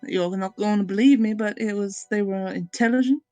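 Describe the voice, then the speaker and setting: A woman's voice: mid-range voice, brisk, dark tone, no echo, soft background music. A woman playing her character in a tabletop game, hesitant and trying to hold a put-on accent. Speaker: player.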